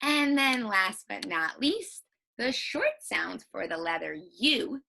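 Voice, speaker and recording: A woman teacher giving a recorded phonics lesson for children, sounding out vowels slowly and repeating each one with emphasis. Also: a little high, big pitch swings, vocal fry, pushed and bright.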